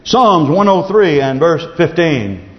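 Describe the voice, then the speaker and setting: A man preaching a sermon as pastor, his voice swooping up on emphasis and dropping low when he reads scripture. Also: big pitch swings, slow pace. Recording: echoey hall, dull lo-fi sound.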